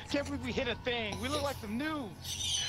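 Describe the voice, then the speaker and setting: A man's voice: extremely high pitch, heavy background noise. A man laughing and swearing in casual banter with teammates during an online game. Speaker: player. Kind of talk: casual gaming chat. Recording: loud game sounds behind the voice.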